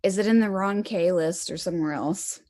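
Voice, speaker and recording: Lower-pitched woman rambling away, swears a lot, laughs mid-sentence. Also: normal speed, mellow. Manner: rambling, profane, laughs often. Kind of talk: casual rambling chat.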